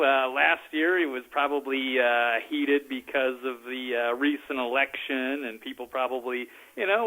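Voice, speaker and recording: A male guest calling in by phone to talk politics. His voice is bright and clear, and he keeps pausing on uh and um and laughing lightly. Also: fairly high pitch, rough recording. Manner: hesitant, many fillers, chuckles often. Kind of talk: casual political chat. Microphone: phone call.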